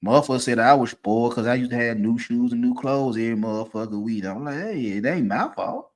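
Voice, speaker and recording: A man, ranting casually and profanely, swinging from low mutters to loud, emphatic bursts. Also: fairly even intonation, fast talker. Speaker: streamer giving opinions.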